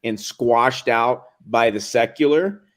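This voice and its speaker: A man hosting a live video call discussion, assertive and quick to cut in. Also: mid-range voice, fairly bright tone. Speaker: host.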